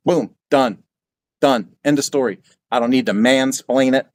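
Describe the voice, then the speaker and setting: Brief: older male host, mid-pitched, folksy storyteller who repeats his points. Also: a little slow, pauses often, no echo. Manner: folksy, repetitive, quotes himself in asides. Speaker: channel host. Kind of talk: casual spoken advice.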